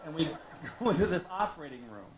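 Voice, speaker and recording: A middle-aged man telling a stand-up comedy story on a live stage, animated and acting out the people he quotes. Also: quick pace. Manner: animated, acts out quoted people, leaps high when exclaiming. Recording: roomy live venue with audience noise.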